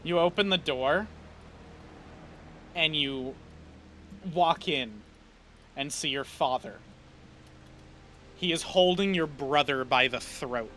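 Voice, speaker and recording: A man's voice: on the high side, slow, pauses often, bright, forceful tone, a little hiss or hum. A man narrating as game master of a tabletop game in a casual, swearing style.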